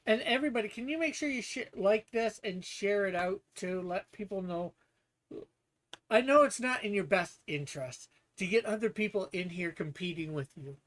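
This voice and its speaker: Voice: medium pitch, normal speed, a bit bright. A streamer hosting a guessing game, chatting casually to viewers and rambling with restarts and laughs. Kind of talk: casual livestream chat.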